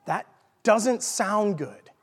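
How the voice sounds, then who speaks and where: A man with a Texan accent delivers a jokey, casual teaching sermon, regularly asking his listeners "okay?" His high-pitched voice is expressive, a bit bright with a breathy edge, very slow, and echoes with a large hall's long reverb.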